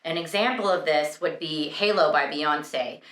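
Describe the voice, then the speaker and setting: In an echoey room, a young adult woman vocal coach teaches a singing lesson, describing the registers and demonstrating them by singing. She speaks at a measured pace in a low voice with a fairly bright tone.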